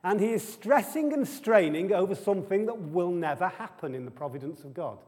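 A man's voice: high voice, lively intonation, brisk, darkish tone. A man preaching a sermon to a live audience, chatty and full of rhetorical questions and humorous asides. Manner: conversational, keeps asking the audience rhetorical questions. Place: church hall with an audience. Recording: long hall reverb.

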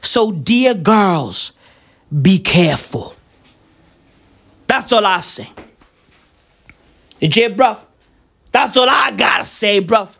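A young woman giving a profane, slangy, animated monologue rant on her vlog. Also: mid-range voice. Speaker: vlogger.

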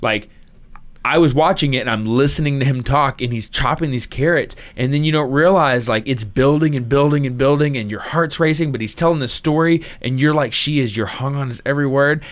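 Excited man chatting about a movie. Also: mid-range voice, fairly quick. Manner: excited, talks over others, casual swearing. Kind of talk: casual movie discussion.

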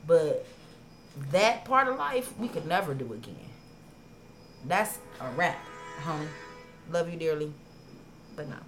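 A woman on a podcast telling stories in casual chat, profane and animated, acting out her own past arguments. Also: low-pitched, a little slow, long pauses, soft background music. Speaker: podcast co-host.

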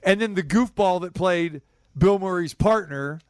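A middle-aged man hosting a sports radio show, telling a rambling story with animated swings between high and low. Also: a little slow, clear, resonant tone, dry recording, studio quality. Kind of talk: casual sports talk chat.

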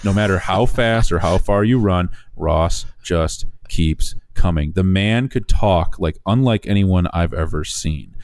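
A man casually telling the story of buying a business, animated, acting out quoted dialogue with restarts. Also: deep voice, a little slow, hardly any pauses. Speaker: small business owner telling his story.

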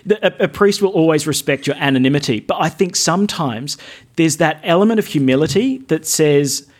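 Speaking fairly quickly with lively intonation, in a voice on the high side, an Australian-accented man who is a Catholic priest chats casually as a podcast guest. He comes across as earnest and witty, repeating phrases to drive points home.

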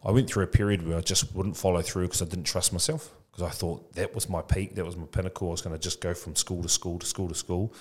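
A man of about forty with a low, deep voice speaks as a podcast guest. He talks loosely and frankly, dropping "bro" into nearly every thought. His delivery is reflective and open. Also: steady tone, fast, hardly any pauses, husky. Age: 40s. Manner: casual, says "bro" often, frank and reflective. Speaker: podcast guest, childcare business founder. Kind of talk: candid conversational interview.

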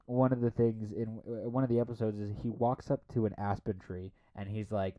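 Young adult man, casual co-host, mellow tone, animated storyteller who impersonates people. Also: fairly quick, hardly any pauses, lo-fi sound. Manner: animated storytelling, acts out quoted people in a high voice. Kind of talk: casual podcast chat.

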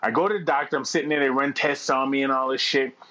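A middle-aged man telling a long anecdote in casual chat, profane and animated, laughing as he goes. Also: medium pitch, fast, lo-fi sound.

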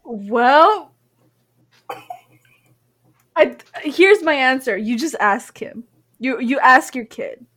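A young woman co-hosting a casual joking chat, giggly and deadpan, often trailing off mid-sentence. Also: high voice, takes it slowly, long pauses. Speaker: co-host answering questions.

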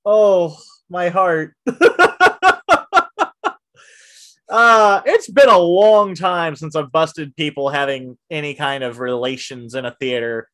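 Speaking on the high side and unhurried, with few pauses, a man animatedly tells a story from his job managing a theater in casual conversation. When quoting himself he often drops to hushed asides.

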